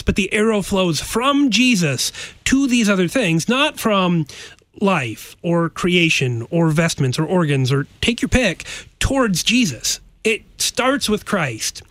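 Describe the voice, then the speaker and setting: A man's voice: high-pitched, animated, slow, a bit bright, no echo. A man, a pastor discussing theology in earnest, emphatic bursts.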